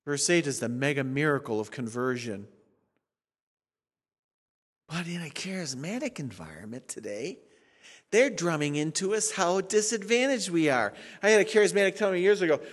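A man in his sixties preaching a sermon as a pastor in an animated, sarcastic, conversational way. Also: on the high side, normal speed. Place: church sanctuary. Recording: reverberant church sanctuary.

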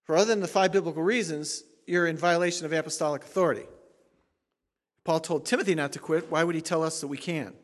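A man preaching a sermon as pastor, emphatic, moving from quiet asides to loud rising exhortation. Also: on the high side, fast. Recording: long hall reverb.

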